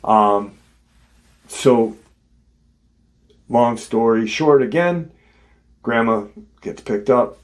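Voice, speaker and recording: A man hosting his show, casually retelling a witness's story in a conversational way. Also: on the low side. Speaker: host.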